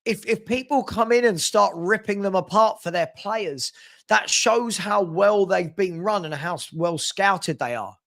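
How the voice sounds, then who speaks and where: A man hosting a live football stream, chatty and teasing as he reads viewer comments and gives shout-outs. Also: high-pitched, a little slow, gravelly. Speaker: host of a live football transfer show.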